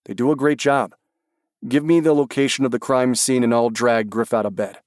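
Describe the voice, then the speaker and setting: A male narrator voicing a helpful official with years in government, who speaks briskly and reassuringly. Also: medium pitch, steady tone, a little mellow, dry recording, studio quality, close to an everyday voice.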